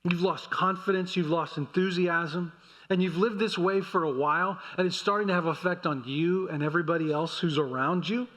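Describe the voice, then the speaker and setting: A man with a high-pitched voice preaches to his congregation. He tells the story in an easy, conversational way and slips into short acted-out lines for the people in it. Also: a bit bright. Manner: conversational storytelling, acting out quotes. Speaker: pastor. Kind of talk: sermon. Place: church sanctuary.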